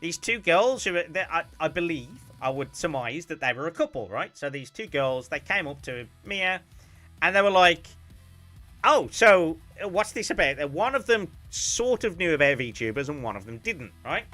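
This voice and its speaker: A man chatting casually on a stream, telling a story with animated bursts of loud, laughing shouts. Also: a little high, moderate pace, faint music behind.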